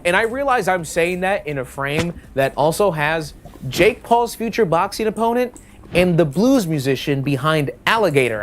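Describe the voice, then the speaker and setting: A vlogger recaps a film with a sarcastic, profanity-laced delivery, swinging the pitch widely for punchlines. Jokes tumble out in a lively, mocking stream. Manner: sarcastic, profane, animated, laughs often. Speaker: movie reviewer. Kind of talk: comedic movie recap vlog.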